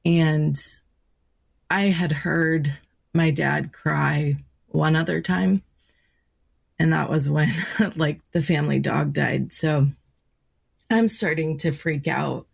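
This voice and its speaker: A woman hosting a podcast, telling a personal story in a halting, reflective way, with pauses and restarts. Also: sits low, gravelly, breathy edge. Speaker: podcast host.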